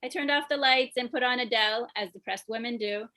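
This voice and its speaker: A young woman performs a stand-up set over a video call, her voice high and bright. She keeps breaking into giggles at her own punchlines. The sound comes through a home computer mic. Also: fast talker. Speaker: stand-up comedian.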